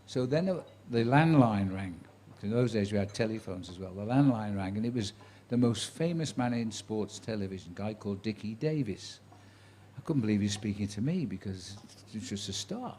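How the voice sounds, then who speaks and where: With a fairly low, warm voice and lively intonation at normal speed, this man in his 70s recounts stories from his sports commentating career before a live crowd. He's a chatty, dry-witted raconteur who performs the voices he quotes, and there's slight background noise.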